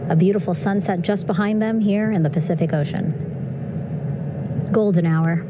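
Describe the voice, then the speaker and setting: A woman's voice: on the low side, normal speed, heavy background noise. Upbeat woman doing live commentary. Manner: warm, upbeat, chuckling often. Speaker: broadcast commentator.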